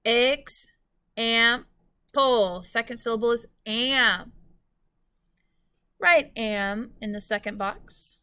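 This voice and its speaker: Clear, slow-spoken woman teacher. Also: a little high, pushed and bright. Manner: slow, clear, instructional, stretching out words. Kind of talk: recorded classroom phonics lesson.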